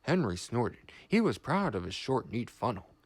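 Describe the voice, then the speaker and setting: Man, storybook narrator, measured expressive reading, dry close sound. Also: medium pitch, slightly rough, no room sound.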